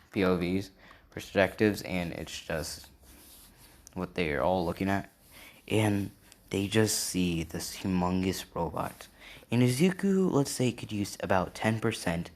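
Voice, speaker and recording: A man casually improvising a fan story, rambling along with lots of filler and checking in with the listener. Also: deep voice. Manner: rambling, many "and yeah" and "right?" fillers.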